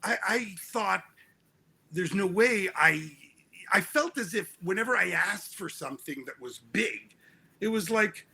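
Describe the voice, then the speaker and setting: A middle-aged man, an author being interviewed, telling animated stories and acting out his parents. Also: sits high, unhurried, creaky, slightly rough. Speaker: author guest. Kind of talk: storytelling in an interview.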